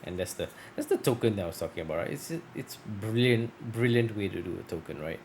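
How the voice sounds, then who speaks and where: Opening card packs, a man keeps up casual unboxing chat, rambling and correcting himself as long talking makes his voice scratchy. He has a lowish, slightly mellow voice with lively intonation and a quick pace.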